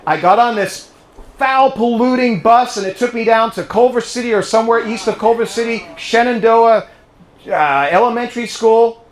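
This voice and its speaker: A man's voice: very high voice, moderate pace. An English-born man with a British accent giving a political speech to a club audience, telling stories and quizzing the crowd. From England. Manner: storytelling, rallying, quizzes the audience. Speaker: guest speaker. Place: private home, live audience. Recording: echoey room.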